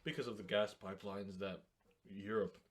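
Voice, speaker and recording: Low husky-voiced man, measured. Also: fairly even intonation. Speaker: co-host. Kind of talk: casual political chat.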